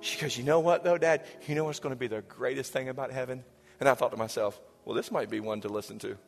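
A pastor in his forties preaching a sermon, moving between raised passages and hushed, whispered lines. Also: mid-range voice, fairly even intonation, fast talker, creaky. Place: church sanctuary. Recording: church hall reverb with soft music.

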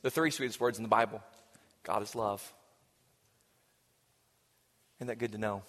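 A pastor in his forties preaching a sermon, moving between raised passages and hushed, whispered lines. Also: mid-range voice, sing-song, normal speed, long pauses. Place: church sanctuary. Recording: church hall reverb with soft music.

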